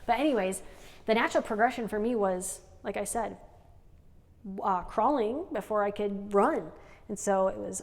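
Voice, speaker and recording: A woman's voice: medium pitch, moderate pace, vocal fry. A woman co-hosting an unscripted couple's podcast, talking in a rambling way with frequent "like" and "right?". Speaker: podcast co-host. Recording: long reverb.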